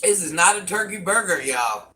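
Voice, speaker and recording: A woman's voice: on the low side, animated, moderate pace, bright, forceful tone. An older woman casually chatting with her viewers while she eats and savors her food on a live stream. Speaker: mukbang streamer. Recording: distant mic with faint background noise.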